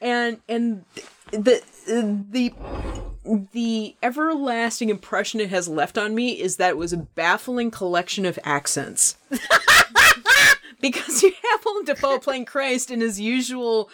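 A woman co-hosting a podcast in casual chat, excitable and laughing, often stumbling into restarts. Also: fairly high pitch, unhurried. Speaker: podcast co-host.

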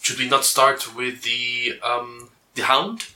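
A player in a tabletop game, hesitant at times and quick with quips. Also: medium pitch, flat delivery, sharp tone, rough recording. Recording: crowd chatter behind.

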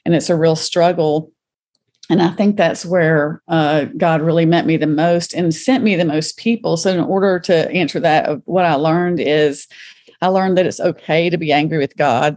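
Low-pitched and a little mellow, this middle-aged guest recounts her story on a podcast with earnest, vivid detail. The conversational interview reflects her faith and deep compassion.

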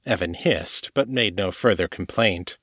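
A man reading his own novel aloud in steady, measured audiobook narration. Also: deep voice, breathy edge, no room sound, clean studio sound.

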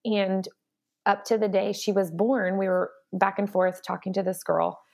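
A woman's voice: medium pitch, level tone, a little slow, creaky, darkish tone. A woman speaking earnestly and candidly as a guest, with many fillers and restarts. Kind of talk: personal storytelling in conversation.

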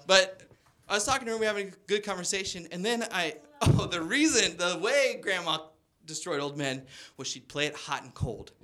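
Man, thirties, stand-up comedy, rambling storyteller, bright somewhat high voice. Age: 30s. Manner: rambling storytelling with acted-out quotes. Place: stage before a laughing audience.

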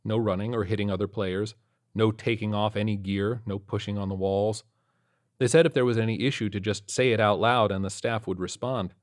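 A man's voice: lowish voice, steady tone, fairly quick. A man narrating a first-person horror story, with a tense, suspenseful delivery.

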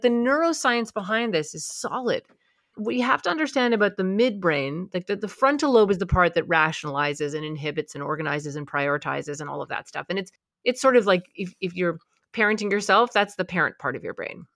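A woman explaining how anxiety works in an emphatic, quick conversational way. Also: on the low side, fairly bright tone, no room sound, studio quality. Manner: emphatic, quick, voices the anxious mind in asides.

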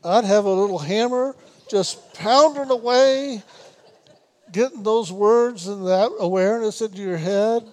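A man with a high, mellow voice gives a spiritual meditation talk. He speaks slowly and repeats himself on purpose. He teases his listeners gently and laughs now and then. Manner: unhurried, repetitive, gently teasing with laughs. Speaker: spiritual teacher.

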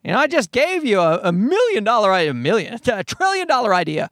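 A man's voice: high-pitched, huge pitch swings, fast, fairly bright tone, no echo, clean studio sound. A man hosting a podcast, rambling through a profane comedic monologue with bursts of mocking put-on voices. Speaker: podcast host.

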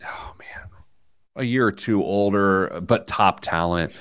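A man's voice: sits low, unhurried, fairly bright tone, clear, resonant tone, no room sound. An American man hosting a podcast, telling a self-mocking story in casual chat. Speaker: podcast host; youth soccer coach.

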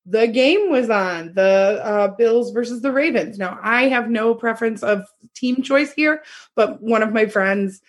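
Young woman, podcast co-host, high voice, breathy, animated storytelling. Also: unhurried. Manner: animated retelling with acted quotes and laughter. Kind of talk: casual chat, storytelling.

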